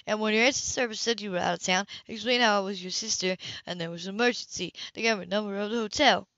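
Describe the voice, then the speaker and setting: A woman's voice: medium pitch, fast, fairly bright tone, dry recording, close to an everyday voice. A woman reading an audiobook, voicing a bitter, manipulative woman who snaps and pleads by turns. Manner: snapping, swinging to pleading. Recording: dull lo-fi home recording.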